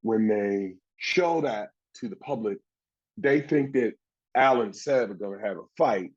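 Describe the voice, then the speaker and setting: A man's voice: on the low side, unhurried, breathy edge, dull audio. A man in his sixties, a former pro football player, telling stories in a casual interview and acting out the voices of the people in them. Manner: animated storyteller, acts out quoted voices.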